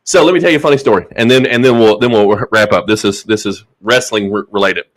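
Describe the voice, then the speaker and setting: A man from Southern Indiana hosts a podcast, chatting casually and telling a funny story full of laughter. His voice is lowish and he talks fast.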